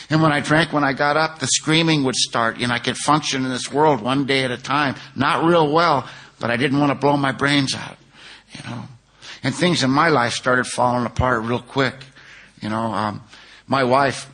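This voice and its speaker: A man's voice: mid-range voice, pushed and bright. A middle-aged man from California telling his personal recovery story to a conference audience, earnest and conversational, with frequent "you know.".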